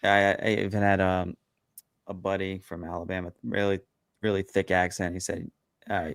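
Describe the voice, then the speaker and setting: An easygoing, modest man chats on a podcast and pokes fun at himself. His voice is fairly low. The recording is close and dry. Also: level tone, moderate pace, creaky, smooth, dry recording. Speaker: podcast co-host. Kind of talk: casual chat.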